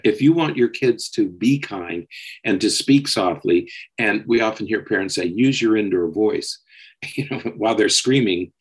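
Podcast co-host, male, low husky voice, steady explainer. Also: moderate pace, poor audio. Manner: steady, explanatory, often checks with "okay?". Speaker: psychologist co-host. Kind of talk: casual podcast discussion.

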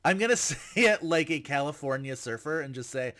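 A man's voice: fairly high pitch, lively intonation, fairly quick, a bit bright. A man hosting a podcast in casual chat, with a wry, joking delivery. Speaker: podcast host.

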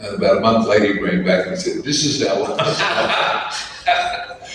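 A man's voice: lowish voice, lively intonation, a little slow, distant mic. An older man with an Australian accent, a guest on a convention panel telling anecdotes with chuckles and acting out the people he quotes. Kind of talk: anecdotal storytelling. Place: large convention hall. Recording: echoey hall with crowd noise.

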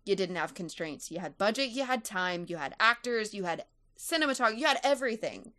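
A woman's voice: mid-range voice, very animated, brisk, bright, forceful tone. A woman giving her earnest, opinionated take in a casual movie review chat.

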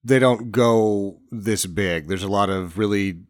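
A man's voice: on the low side, unhurried, no echo, studio quality. A man co-hosting a casual movie review chat, wryly recapping scenes and jumping into mock voices. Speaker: podcast co-host.

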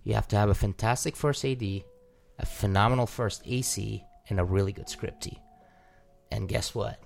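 A man's voice: on the low side, normal speed, gravelly. A man co-hosting a movie podcast who talks as a director and producer. He is boisterous, swears freely and lectures from experience. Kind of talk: casual movie podcast chat.

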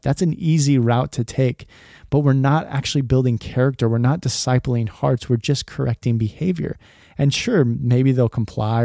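With a dark tone and medium pitch, this podcast host talks about faith in a relaxed, earnest way, full of "like" and restarts. He is in his thirties, and the recording is dry with clean studio sound.

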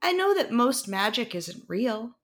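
A woman putting on the voice of her curious little daughter, earnest and puzzled, asking slow questions. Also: a little high, very animated. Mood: matter-of-fact.

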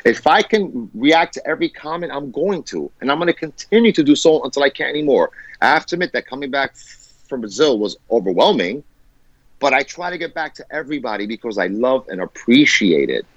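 Podcast guest, male, passionate and profane, lively pitch, muffled dry audio. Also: fairly quick, no echo. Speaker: guest musician. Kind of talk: candid podcast conversation. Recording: dull lo-fi dry sound.

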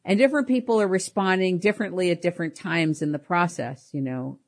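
A middle-aged woman with a slightly low voice hosts her own show, telling personal stories. She talks in an animated way, laughs often and repeats her words as she goes. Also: brisk. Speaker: podcast host. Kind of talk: personal storytelling.

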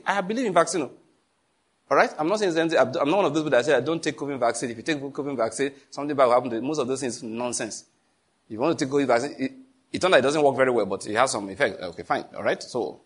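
A man's voice: mid-range voice, fast, slightly rough. A man preaching a sermon as pastor, emphatic, repeating phrases and acting out stories.

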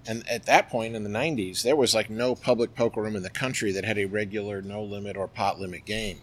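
A middle-aged poker player guesting on a podcast spins anecdotes in a loose, lively, chatty way, piling on fillers to keep the story rolling. His voice is lowish and fast.

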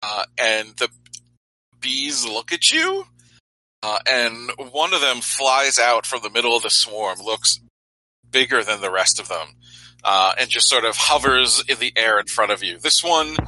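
A man runs a tabletop game, describing scenes in a halting, word-repeating way. His voice is very bright and slow-paced, recorded dry and close. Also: medium pitch, no echo, low-quality recording. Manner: halting, repeats words while narrating. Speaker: game master.

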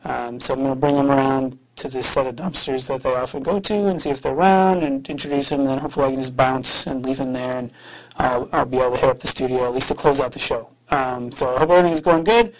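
A man's voice: medium pitch, steady tone, fast, rough recording. Rambling, hesitant man leaving a message. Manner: rambling, hesitant, with many fillers. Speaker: radio show host. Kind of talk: recorded voice message to the show.

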